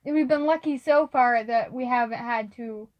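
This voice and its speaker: A young woman running a casual tabletop game as game master, rambling and halting with many fillers. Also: a little high, darkish tone. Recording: faint background noise.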